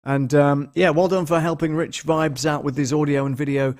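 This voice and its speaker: A man's voice: a little high, steady tone, moderate pace, darkish tone. A man hosting a casual live stream from a bare apartment lounge, chatty and rambling, greeting viewers by name with lots of ums. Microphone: large studio microphone, moved around at times.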